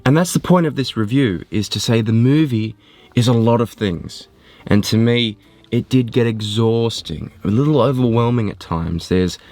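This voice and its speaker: A man giving a casual spoken film review, animated and rambling, often poking fun at himself. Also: mid-range voice, no room sound. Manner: animated, rambling, self-mocking.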